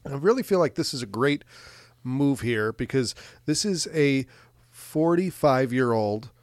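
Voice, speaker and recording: A man's voice: medium pitch, lively intonation, moderate pace, dry recording, studio quality. A man co-hosting a podcast, recapping a film plot in a rambling, hesitant casual chat. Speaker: podcast co-host. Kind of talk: casual movie discussion.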